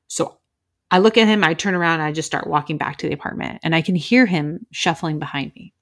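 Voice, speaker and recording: A woman's voice: lowish voice, steady tone, fairly quick, a bit bright. A woman hosting a podcast, telling a story casually and vividly, acting out quoted voices and swearing freely. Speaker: podcast host; crime scene investigator.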